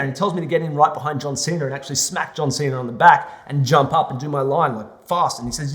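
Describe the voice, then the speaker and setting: A young adult man telling a personal story in an animated monologue, acting out the other people's lines. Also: fairly high pitch, rapid-fire, few pauses. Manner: animated, re-enacts scenes with lively quoted voices. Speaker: vlogger.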